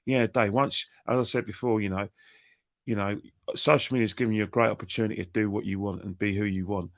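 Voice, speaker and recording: A man's voice: lowish voice, steady tone, quick pace. A man chatting as a guest, rambling and repeating himself, cheeky in tone. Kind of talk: casual chat.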